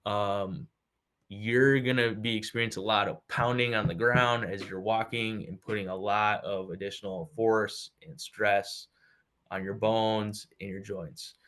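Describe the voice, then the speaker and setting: Low-voiced man explaining insoles on a podcast. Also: steady tone, a little slow, a bit bright. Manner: explanatory, many "uh" and "um" fillers. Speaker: podcast co-host explaining products. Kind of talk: casual explanatory chat.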